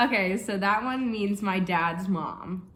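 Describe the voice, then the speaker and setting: A woman's voice: mid-range voice, takes it slowly, fairly bright tone, roomy sound. A young woman co-hosting a home vlog, chatting casually with a playful, teasing manner and frequent laughter. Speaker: vlog co-host. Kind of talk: casual chat.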